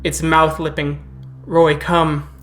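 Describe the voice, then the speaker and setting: A man narrating a tabletop role-playing game as game master, setting scenes in a calm, descriptive way. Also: on the high side, takes it slowly.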